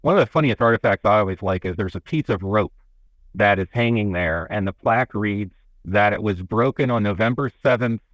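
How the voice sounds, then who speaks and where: Low-voiced man telling museum stories. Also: fairly quick, no echo, muffled recording. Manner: rambling, folksy storytelling with many restarts. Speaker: museum representative. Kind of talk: radio interview guest. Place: radio studio. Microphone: studio microphone.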